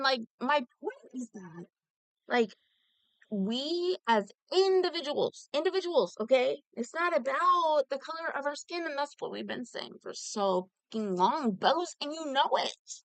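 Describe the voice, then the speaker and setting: A woman's voice: high voice, lively intonation, a little slow, fairly bright tone, no room sound. A woman ranting heatedly in casual talk, rambling and swearing, with many "like"s, addressing a fellow commentator. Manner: heated, rambling, profane, full of "like". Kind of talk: casual direct-to-camera rant.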